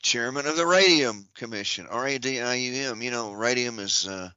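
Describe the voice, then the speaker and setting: A man's voice: mid-range voice, moderate pace, bright, forceful tone, no echo, muffled recording. A man on a podcast reading out a long list of titles and offices, breaking it up with dry joking asides. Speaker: podcast guest.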